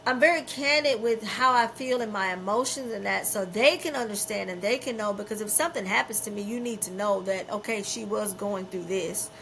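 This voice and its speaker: A woman's voice: mid-range voice, a little fast, creaky, hardly any pauses, a bit bright, a little hiss or hum, low-quality recording. A middle-aged woman hosting a podcast, talking in a candid, emphatic and unfiltered way, often repeating herself for weight. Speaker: podcast host.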